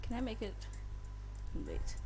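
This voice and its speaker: Amid slight background noise and faint game music, a woman with a mellow, unhurried voice plays through a game on a live stream. She's chatty and giggly, talking casually to her chat.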